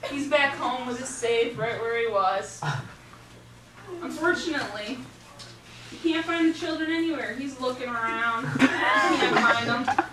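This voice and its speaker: A woman spins an improvised, rambling tale, playful and giggly as she goes. Her voice is high and her pace unhurried. The mic is far from her in a roomy space, with steady noise behind. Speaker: storyteller. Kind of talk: improvised storytelling. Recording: roomy, distant mic, noisy.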